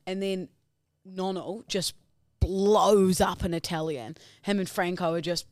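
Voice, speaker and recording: A woman with a New Zealand accent, co-hosting a podcast and telling animated, teasing stories in casual banter. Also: fairly low pitch, brisk, dry recording, clean studio sound. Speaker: podcast co-host.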